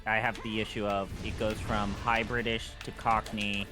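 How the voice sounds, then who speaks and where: A young man joking around in a casual gaming chat, animated and teasing. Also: on the low side, moderate pace, over music. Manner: jokey, animated.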